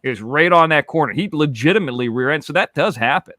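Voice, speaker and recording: A man on a live stream chat, blunt and brisk, swearing freely and giving firm advice. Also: a little high, expressive, bright, forceful tone, dry recording, studio quality. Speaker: guest.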